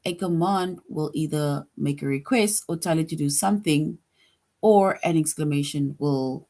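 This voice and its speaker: A woman's voice: deep voice, normal speed, dark tone. A woman teaching a grade school grammar lesson, patient, repeating each point and often checking in with "right?".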